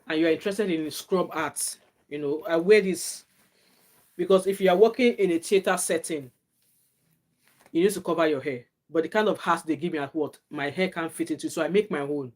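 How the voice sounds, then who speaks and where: A middle-aged woman with a Nigerian accent, chatting casually on a live stream, answering viewer comments and giving earnest advice. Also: lowish voice. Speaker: live-stream host, nurse.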